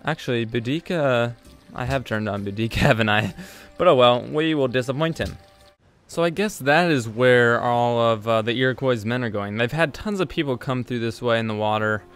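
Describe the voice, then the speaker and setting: A man gives casual commentary while he plays a strategy game. He rambles and hesitates, filling pauses with ums and correcting himself, at an ordinary pitch. Faint game music runs underneath. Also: fairly bright tone, clean tone. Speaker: let's play host.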